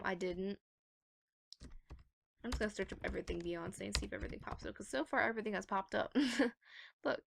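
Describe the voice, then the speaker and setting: A woman's voice: mid-range voice, vocal fry, no room sound, clean studio sound. A teenage girl chatting casually in a vlog, telling an angry storytime while swearing freely. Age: teens. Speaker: gaming vlogger.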